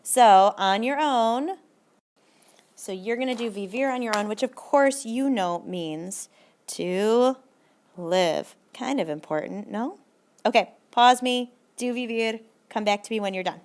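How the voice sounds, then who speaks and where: A woman teacher giving a recorded video lesson, upbeat and encouraging, slowing down and stretching out her Spanish examples. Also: a little high.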